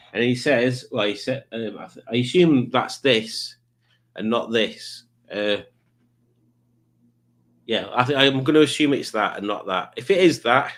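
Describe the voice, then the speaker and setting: This livestream host talks casually and ramblingly from his lit home streaming setup. He has a middle-range pitch and greets the chat with easy jokes.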